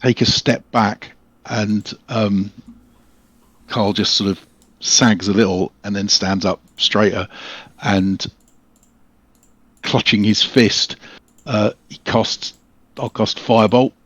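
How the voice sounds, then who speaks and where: A man playing a tabletop game slowly describes what his character does, pausing as he goes. His voice is lowish. The recording is dry and somewhat dull. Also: steady tone, a bit bright, breathy edge, dry recording. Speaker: player.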